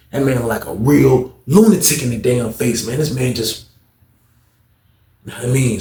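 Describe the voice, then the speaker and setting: A man's voice: mid-range voice, darkish tone. Slangy, profane man telling a story. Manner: profane, slangy, addresses viewers directly. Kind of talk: casual storytime. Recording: roomy echo.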